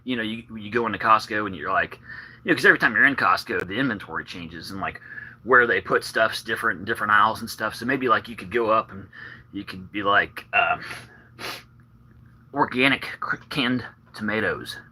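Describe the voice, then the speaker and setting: A man's voice: lowish voice, fast, pushed and bright, breathy edge, poor audio. A man rambling casually on a live stream, slightly out of breath, with meandering talk full of fillers and restarts.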